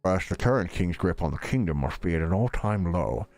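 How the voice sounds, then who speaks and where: Man playing a smug plotting noble, grand and sly, pitched up a bit, big swoops. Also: expressive, fairly quick, a little mellow, dry recording, soft background music. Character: pompous scheming southern male noble.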